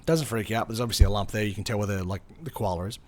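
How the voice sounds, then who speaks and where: A man's voice: lowish voice, rapid-fire, darkish tone. A young man streaming a game, telling a story casually and animatedly, swearing freely. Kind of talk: casual storytelling while gaming.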